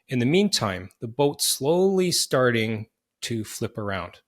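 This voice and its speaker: A middle-aged man hosting a podcast, earnestly telling a personal story in vivid detail with quick restarts. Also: mid-range voice, expressive, slightly rough. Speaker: podcast host.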